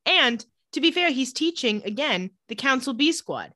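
A woman with a bright, animated voice co-hosts a casual chat podcast. She is giggly and playful, often acting out the characters' lines. The sound is close and dry. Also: high-pitched, moderate pace, no room sound. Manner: lively, giggly, acts out quoted lines. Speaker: podcast co-host recapping a TV episode.

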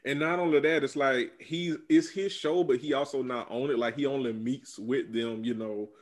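A man's voice: medium pitch, fairly even intonation, moderate pace. A man co-hosting a podcast in casual chat, rambling with many ums and restarts. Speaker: podcast co-host. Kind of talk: casual chat reviewing a reality dating show.

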